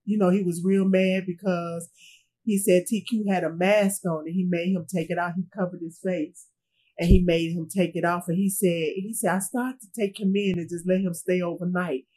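Husky-voiced grieving mother recounting a loss. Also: fairly low pitch, steady tone, warm tone, poor audio. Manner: halting, repeats phrases, trails off. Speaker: interviewee, bereaved mother. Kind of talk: emotional interview testimony.

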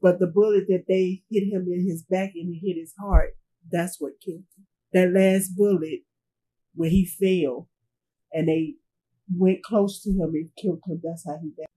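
Husky-voiced grieving middle-aged woman. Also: on the low side, steady tone, mellow, rough recording. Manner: halting, repeats herself, trails off. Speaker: grieving mother being interviewed. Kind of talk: emotional personal recounting.

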